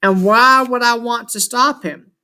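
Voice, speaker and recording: A man's voice: very high-pitched, a little slow, bright, forceful tone, clear, resonant tone, full character voice. A man reading aloud as an ancient, scornful male chaos god living in a shulker shell, grumbling and grandiose.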